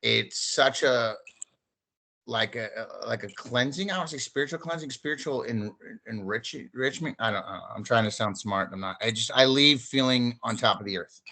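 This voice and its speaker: Bright-voiced rambling podcast guy. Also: medium pitch, moderate pace. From St. Louis, USA. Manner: rambling storyteller, animated quoting, swears freely. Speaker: podcast co-host, stand-up comedian. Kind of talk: casual chat.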